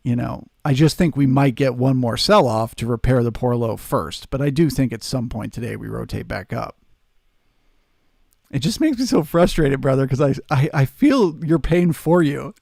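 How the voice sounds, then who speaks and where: A man's voice: mid-range voice, normal speed, gravelly, darkish tone, dry recording, studio quality. A man hosting a live trading stream, answering chat and coaching viewers in an earnest, emphatic way. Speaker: trading livestream host.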